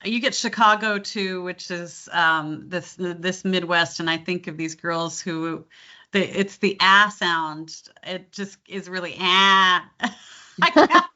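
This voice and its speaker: A woman's voice: on the low side, steady tone, slow pace, sharp tone, dull audio. A middle-aged woman from California with a Californian accent, chatting as a guest dialect coach and slipping briefly into regional accents. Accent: Californian American. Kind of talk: casual interview chat.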